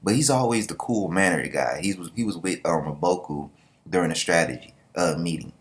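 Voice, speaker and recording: A man casually reviewing a comic chapter, talking in an animated, joking, slangy way. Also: low-pitched, moderate pace. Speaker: manga reviewer. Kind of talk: casual reaction commentary.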